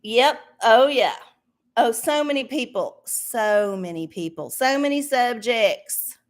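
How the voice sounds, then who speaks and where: Woman, livestream host, profane sarcastic rants, slightly high voice. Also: lively intonation, slow. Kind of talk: casual livestream chat.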